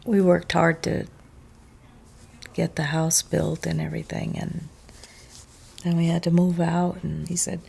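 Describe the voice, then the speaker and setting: Woman talking real slow, gravelly low voice, quiet. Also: flat delivery. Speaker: homeowner interviewee. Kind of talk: interview.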